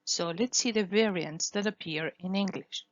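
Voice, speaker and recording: A woman's voice: mid-range voice, moderate pace, no room sound, muffled recording. A woman whose first language is Spanish, teaching English phonetics in a careful lesson, repeating each sound to demonstrate it. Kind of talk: scripted lesson.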